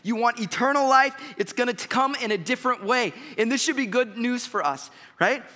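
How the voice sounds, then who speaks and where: A man's voice: very high voice, a little fast, sharp tone. A pastor preaching a sermon to his congregation, talking to them directly and emphatically. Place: church sanctuary. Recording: long reverb of a church hall.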